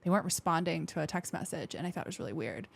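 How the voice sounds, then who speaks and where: Candid, expressive woman with a low voice. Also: rapid-fire, vocal fry. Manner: candid and expressive, acts out quoted thoughts in lively voices; frank, with occasional swearing. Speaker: podcast guest, military veteran. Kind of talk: casual interview talk.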